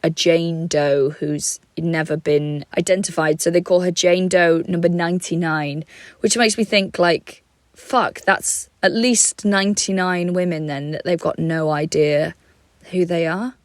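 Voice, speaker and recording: A woman co-hosting a casual comedy podcast, her voice sitting a little low. She talks in a loose, chatty storytelling way, swearing freely. The sound is dry and close. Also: fairly even intonation, a little slow, no echo. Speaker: podcast co-host.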